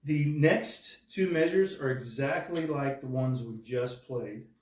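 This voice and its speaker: A man's voice: medium pitch, slow, a little mellow. A man teaching a drum part step by step, patiently counting out the rhythms aloud. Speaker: drum instructor. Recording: echoey room from far off.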